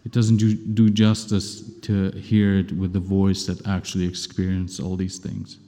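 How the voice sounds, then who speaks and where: A man gives a sermon in a warm, mellow voice that sits a little low. He reads scripture and talks to the congregation in a casual, self-deprecating way. His voice rings with the long reverb of a large church hall. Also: completely flat delivery, unhurried. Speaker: preacher.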